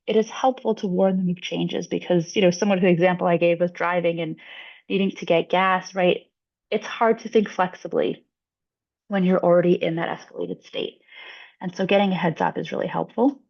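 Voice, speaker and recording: A woman psychologist presenting a webinar, explaining clearly and acting out short example lines. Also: mid-range voice, a little mellow. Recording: dull lo-fi webinar audio.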